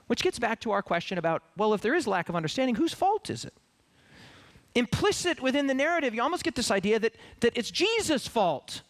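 A man preaching a sermon, animated and full of rhetorical questions, acting out the voices of the people he talks about. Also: sits high. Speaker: pastor.

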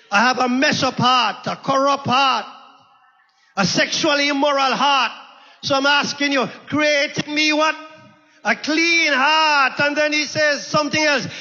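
High bright-voiced preacher man shouting a sermon, call and response, long echo in a church. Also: lo-fi sound. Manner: impassioned, calls out to congregation, repeats phrases.

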